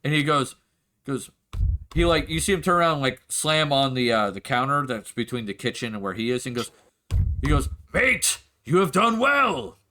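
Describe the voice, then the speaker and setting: A man narrates a fantasy tabletop game as game master. He describes scenes in a loose, rambling way full of fillers, and his voice is bright and forceful. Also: medium pitch, steady tone, fairly quick.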